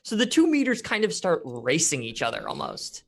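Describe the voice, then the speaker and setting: A man's voice: fairly high pitch, huge pitch swings, normal speed, vocal fry, fairly bright tone. A man narrating as game master of a tabletop game, rambling with many fillers and frequent laughs.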